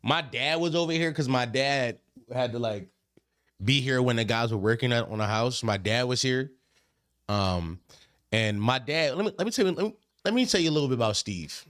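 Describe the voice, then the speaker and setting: A man hosting a podcast, telling stories in a casual, animated, profane way, often repeating himself. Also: medium pitch, normal speed, smooth. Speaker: podcast host. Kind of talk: casual storytelling chat.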